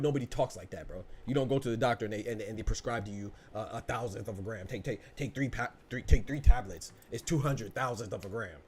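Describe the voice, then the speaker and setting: A man's voice: fairly low pitch, darkish tone, slight background noise. A man hosting a podcast, ranting in a heated, profane way and saying "bro" again and again. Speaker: podcast host. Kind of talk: casual ranting podcast talk.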